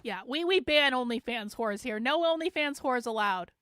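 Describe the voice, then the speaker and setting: Sarcastic woman streamer cussing at chat, high clear voice. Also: animated, moderate pace, a bit bright, dry recording, studio quality. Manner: profane, sarcastic, talks straight to chat. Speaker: host. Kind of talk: livestream commentary.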